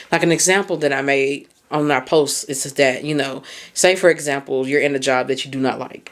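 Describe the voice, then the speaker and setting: A woman hosting a casual solo podcast on self-growth, talking candidly, swearing freely and putting reflective questions to the listener. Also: sits low. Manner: candid and conversational, swears freely, laughs at herself. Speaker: podcast host.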